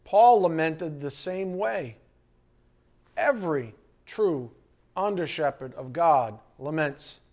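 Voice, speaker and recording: A man preaching a sermon as pastor, lively and conversational, asking the congregation questions. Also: fairly high pitch, slow. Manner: animated preaching, acting out scripture quotes and asides.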